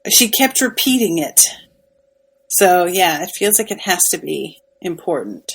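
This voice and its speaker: A woman's voice: on the low side, big pitch swings, a little slow, gravelly, breathy edge, low-quality recording. A woman co-hosting a podcast, casually recapping a TV episode in an emphatic, sympathetic way with lots of fillers. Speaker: podcast co-host.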